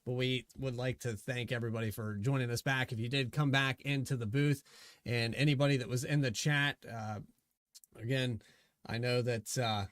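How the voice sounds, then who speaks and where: Man, racing broadcast host, hoarse voice, grateful, rambling sign-off, dry close mic. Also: medium pitch, steady tone, moderate pace, a bit bright, no echo. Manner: emotional, thankful, loosely rambling. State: losing his voice.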